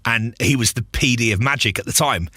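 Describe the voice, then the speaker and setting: A man's voice: medium pitch, brisk, bright, forceful tone, husky, no room sound, clean studio sound. A man, a radio presenter, telling stories in a casual interview, acting out quotes and laughing often. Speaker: radio presenter, podcast guest.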